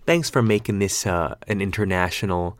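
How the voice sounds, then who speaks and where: A man's voice: sits low, normal speed, no echo. A man in his twenties hosting his own podcast alone, rambling and joking, with casual swearing. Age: 20s. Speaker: podcast host. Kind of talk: solo podcast chat.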